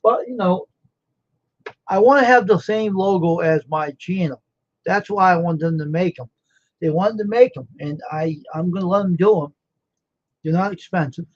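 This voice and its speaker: A man's voice: high-pitched, normal speed, long pauses, lo-fi sound. A tired man hosting a casual livestream, rambling about his screen printing work and talking to viewers by name in a self-assured way. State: tired and yawning.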